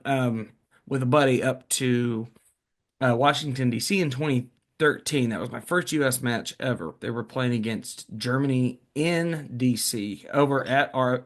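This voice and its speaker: A man in his thirties co-hosting a podcast, telling animated, joking stories in a casual chat. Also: medium pitch, normal speed. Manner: animated storyteller, lively jokes. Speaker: podcast co-host.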